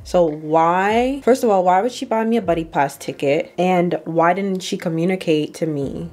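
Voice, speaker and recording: Young female vlogger, lower-pitched, animated storyteller who acts out quotes. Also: moderate pace. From Ohio, USA. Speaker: makeup artist vlogger. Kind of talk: storytime while getting ready.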